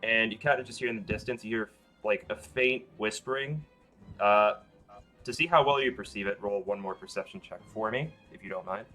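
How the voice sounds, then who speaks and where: A man's voice: fairly low pitch, fairly quick, pushed and bright, faint music behind. A man running a tabletop game as dungeon master, describing scenes and rules in a loose, hesitant way with many fillers.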